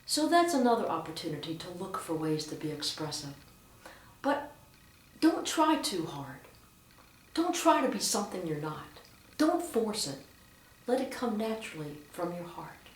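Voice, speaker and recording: A woman's voice: fairly low pitch, sing-song, normal speed, long pauses. A woman teaching church readers how to read aloud, speaking with strong emphasis and reading examples expressively. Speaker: lector trainer. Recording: roomy echo, mic at a distance.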